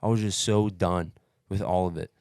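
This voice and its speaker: In a low-pitched voice at normal speed, a podcast co-host tells of his race, swearing freely and addressing people as dude and bro. He acts out what others said with animated energy. The audio is studio quality with no echo.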